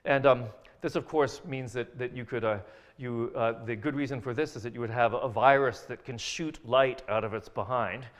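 A man lecturing on science in a hall, pointing through slides as he explains. He stumbles and restarts often, filling pauses with ums and uhs, and slips in dry jokes. His voice sits at an ordinary middle pitch. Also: fairly even intonation. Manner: hesitant, many fillers and restarts, dry jokes.

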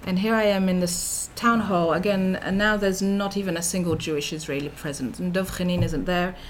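Middle-aged woman, academic lecture, lowish voice, thoughtful with many ums and restarts, faint background hiss. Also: steady tone, fairly quick. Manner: thoughtful, with frequent fillers and restarts. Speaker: researcher giving a talk.

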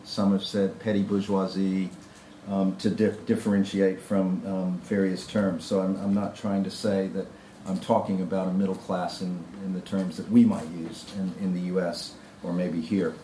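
A man's voice: deep voice, little pitch movement, moderate pace, dark tone, slight background noise. Man reading a paper in an echoey hall. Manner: reads a prepared paper with hesitant ad-libbed asides. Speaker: lecturer. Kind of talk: academic conference talk. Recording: roomy lecture-hall echo.

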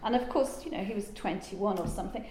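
A woman gives a relaxed, rambling lecture full of asides and filler words. Her voice sits in the middle of the range for a woman. The room is echoey, with a faint hum of ambience behind her. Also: mid-range voice, quick pace. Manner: chatty, digressive, with frequent ums and asides. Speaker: lecturer and translator. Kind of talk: informal lecture.

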